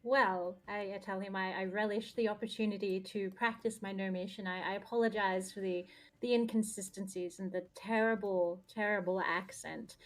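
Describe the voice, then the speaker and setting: A woman's voice: medium pitch, steady tone, moderate pace. A woman playing a tabletop game, speaking politely with stammering restarts. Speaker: player. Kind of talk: casual in-character banter.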